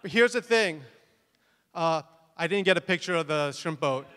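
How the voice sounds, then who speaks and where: A man's voice: on the high side, lively intonation, moderate pace, fairly bright tone. A man telling comic stories about his work at a photography conference, acting out scenes and laughing at himself. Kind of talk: comic storytelling talk. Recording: reverberant conference hall.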